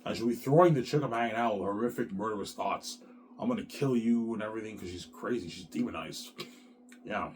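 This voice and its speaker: A man's voice: on the low side, fast, a little hiss or hum. A man in his thirties talking in an agitated, repetitive rambling monologue, swearing a lot. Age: 30s. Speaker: vlogger.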